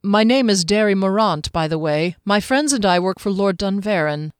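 A woman gives voice to a polite young healer in a storybook who speaks firmly and courteously. The read is dry and close, pitched in a middle range. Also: expressive, moderate pace, clear, resonant tone, dry recording, natural voice. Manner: courteous, firm.

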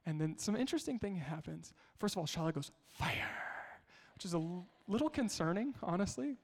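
A man's voice: high voice, lively intonation, fast, creaky, darkish tone. Man preaching in a reverberant hall. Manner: storytelling, conversational with rhetorical questions. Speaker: pastor. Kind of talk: sermon.

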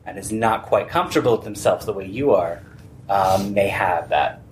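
A man's voice: lowish voice, normal speed, slight background noise. Earnest man moderating a panel. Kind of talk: convention panel discussion.

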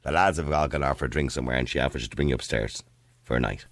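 A middle-aged man hosting a radio talk show, blunt and animated, often talking over the others. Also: rumbling low, very fast, no room sound, clean studio sound. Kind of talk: lively radio studio debate.

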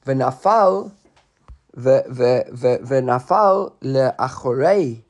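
A man's voice: mid-range voice, animated, very slow. A man teaching a Talmud class, explaining step by step and checking in with his listeners.

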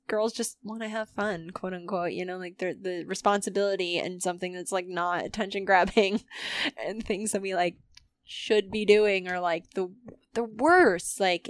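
Animated, swearing woman in casual chat. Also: mid-range voice, dry recording. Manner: animated, laughing, swears freely, many fillers.

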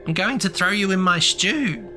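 Witch, female, storybook villain, high and shrill, taunting, put on by a male narrator. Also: animated, moderate pace, music in the background. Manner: shrill, teasing menace. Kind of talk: horror audio drama narration.

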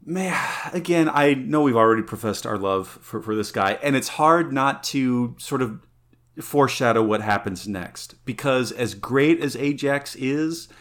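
A man's voice: mid-range voice, expressive, unhurried, fairly bright tone. A man co-hosting a podcast who talks earnestly and enthusiastically, often restarting his sentences. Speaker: podcast co-host. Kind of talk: casual chat.

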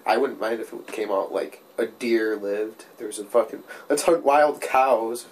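A man's voice: lowish voice, unhurried, a little hiss or hum. A man in casual conversation who rambles, restarts his thoughts and swears casually. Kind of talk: casual chat.

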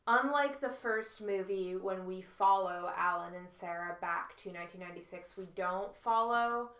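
A woman's voice: medium pitch, moderate pace, fairly bright tone, echoey room. A woman co-hosting a podcast, rambling casually with many fillers as she retells a film. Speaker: podcast co-host. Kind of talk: casual chat.

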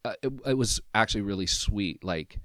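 Man in his fifties, low voice, dry close sound, animated personal storyteller, podcast guest. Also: a little fast, no room sound. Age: 50s. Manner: animated, emotional storyteller who acts out quoted dialogue.

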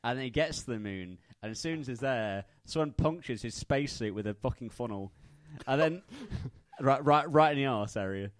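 A man's voice: mid-range voice, animated, normal speed, hardly any pauses, no echo. A man co-hosting a comedy podcast, swearing freely and breaking into laughter while he riffs. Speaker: podcast co-host. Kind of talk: improvised comedy chat.

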